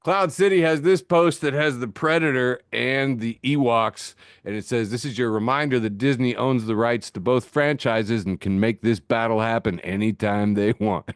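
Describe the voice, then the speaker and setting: A man's voice: medium pitch, moderate pace, hardly any pauses, smooth, no echo. A man hosting a casual chat podcast, reading out funny posts and laughing at them as he goes. His voice sits in an ordinary middle register. It is recorded dry and close on a call mic. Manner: laughs often, reads jokes aloud. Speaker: podcast host. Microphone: video call mic.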